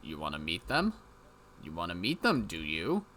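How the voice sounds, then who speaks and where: A man voicing a sinister figure, speaking slowly and softly in a gloating tone. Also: deep voice, huge pitch swings, voice pushed down, heavily acted. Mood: sinister calm. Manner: slow, soft, gloating. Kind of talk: visual novel voice acting.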